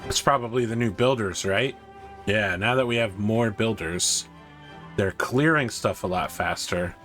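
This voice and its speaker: A man with a fairly low voice talks through a city-building game in a relaxed, chatty way, reasoning out loud as he plays. His voice climbs when an idea excites him. Faint music plays underneath. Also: a little slow. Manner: chatty, thinking aloud, rising when excited. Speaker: gaming streamer. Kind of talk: casual gameplay commentary.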